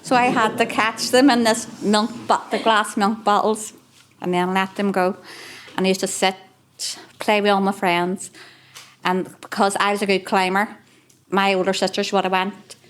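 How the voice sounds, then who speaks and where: A woman's voice: mid-range voice, level tone, normal speed. A woman with a Belfast accent who reminisces about her childhood in a chatty, rambling way, with many small fillers. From West Belfast. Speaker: carer sharing memories. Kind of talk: reminiscing on a podcast.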